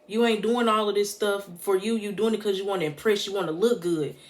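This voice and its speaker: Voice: medium pitch, steady tone, fairly quick. A motivational vlogger speaking straight to the camera in a heartfelt, preachy way, often repeating points for emphasis. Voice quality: emphatic, preachy, casual street-smart phrasing.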